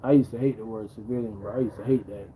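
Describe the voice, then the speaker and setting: Laid-back man with a dark voice. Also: fairly low pitch, fairly even intonation, fast, slight background noise, rough recording. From Jamaica. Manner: laid-back, repeats himself, ends phrases with "bro". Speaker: livestream host. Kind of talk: casual livestream storytelling.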